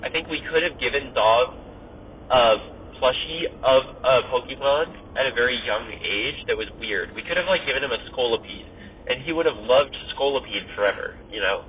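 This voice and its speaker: A man's voice: mid-range voice, moderate pace. A man hosting a podcast, chatting casually in a rambling way, full of "like" and "you know". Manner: rambling, filler-heavy, lots of "like" and "you know". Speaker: podcast host. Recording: tinny phone-like audio with faint noise.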